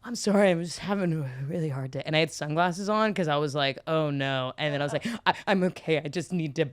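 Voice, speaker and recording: A woman's voice: low-pitched, fast talker, dry recording, studio quality. A woman co-hosting a podcast, telling chatty personal stories and laughing through them. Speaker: podcast co-host. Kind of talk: casual chat.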